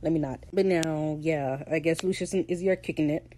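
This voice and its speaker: A woman's voice: sits low, steady tone, fairly quick, dark tone, slight background noise. A woman hosting a podcast, recapping a TV episode in slangy, opinionated casual chat and laughing easily. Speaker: podcast host.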